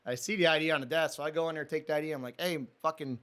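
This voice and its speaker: A man's voice: on the high side, fairly even intonation, very fast, fairly bright tone, clear, resonant tone. A young man, a podcast guest, tells a casual, rambling story full of swearing, often calling the listener "dude". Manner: profane, rambling, says "dude" a lot. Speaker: podcast guest, former prison officer.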